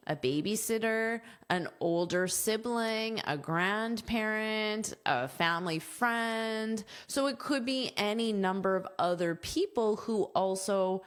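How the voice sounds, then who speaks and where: A woman teaching English vocabulary, patiently explaining words and phrasal verbs with everyday examples. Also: fairly low pitch.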